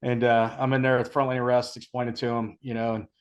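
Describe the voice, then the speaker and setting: A middle-aged man, a retired army sergeant major, telling service stories in a relaxed chat, acting out the sergeants he quotes. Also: mid-range voice, quick pace. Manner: relaxed storytelling, acts out quoted sergeants, laughs. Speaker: podcast guest, retired Ranger sergeant major. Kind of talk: casual storytelling.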